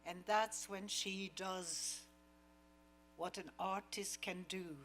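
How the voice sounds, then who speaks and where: Unhurried actress in a cinema Q&A, mid-pitched woman, acts out the quotes she tells. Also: fairly even intonation, a bit bright, slight background noise. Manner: slow and measured, acting out quoted lines. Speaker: actress, guest at a screening Q&A. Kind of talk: audience Q&A storytelling. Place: cinema auditorium.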